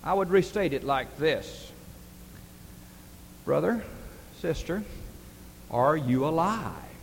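A man's voice: on the high side, lively intonation, slow pace, vocal fry. A man preaching a sermon, telling stories earnestly and building to emphatic questions. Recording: distant reverberant hall with faint hiss.

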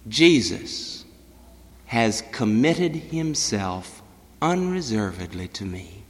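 A man preaching a sermon, swinging between loud declarations and hushed, low-pitched passages. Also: sing-song, slow pace, long reverb tail.

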